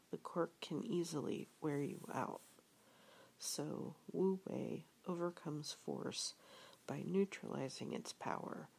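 A woman reading an audiobook in calm, measured scripted narration. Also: sits low, vocal fry, breathy edge. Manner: calm, measured, even storytelling.

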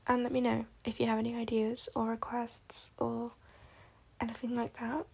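Soft-spoken British woman, breathy and gravelly. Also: a little high, completely flat delivery, normal speed. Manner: soft, often drops into a whisper. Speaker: audio creator talking to listeners. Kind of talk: casual chat to listeners.

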